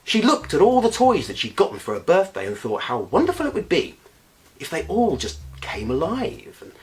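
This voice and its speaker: Playful, expressive bedtime storyteller, a man. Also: high voice, moderate pace. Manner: playful, expressive, with comic asides.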